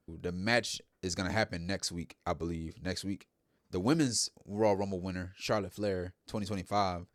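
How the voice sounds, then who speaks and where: A man's voice: low-pitched, dry recording, studio quality. A man hosting a show, giving a casual, rambling recap of a wrestling broadcast and repeating himself often. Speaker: host.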